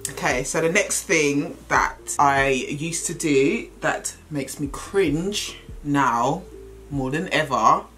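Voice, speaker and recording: A woman's voice: sits low, takes it slowly, a bit bright, faint music behind. A woman in her twenties with an Essex accent, chatting casually to camera in a confessional vlog, laughing often. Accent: Essex English. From Essex, England. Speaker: vlogger.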